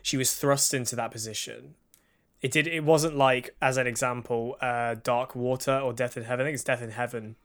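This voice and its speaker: A man's voice: mid-range voice, fairly even intonation, moderate pace, fairly bright tone. Casual man co-hosting a podcast. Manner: conversational, reads out listener questions. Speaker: podcast co-host. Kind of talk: casual chat.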